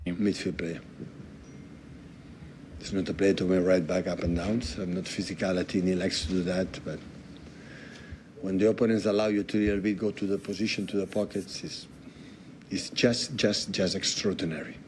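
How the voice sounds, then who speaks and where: A man from Spain speaking English as a football manager at a press conference, halting and repeating words, with loose grammar. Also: sits low, steady tone, darkish tone, slight background noise. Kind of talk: press conference answers in non-native English.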